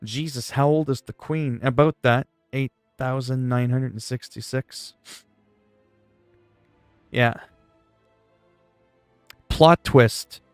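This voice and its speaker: A man's voice: mid-range voice, dry recording. A man, livestreaming and chatting casually while gaming, rambling and joking playfully. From Canada.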